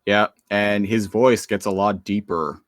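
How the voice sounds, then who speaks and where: A man's voice: on the low side, fairly even intonation, unhurried, dry recording, clean studio sound. A man co-hosting a podcast, recapping an episode in casual, rambling chat. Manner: rambling, laughing, restarts sentences. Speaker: podcast co-host.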